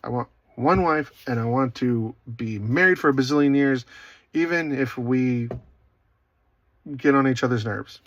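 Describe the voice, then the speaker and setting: A man talks in a loose, rambling way, often dropping into quiet asides and self-deprecating humor. His voice sits at an ordinary middle pitch. The recording is dry and slightly muffled. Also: a little slow, no echo. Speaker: online Christian speaker. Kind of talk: casual spoken reflection.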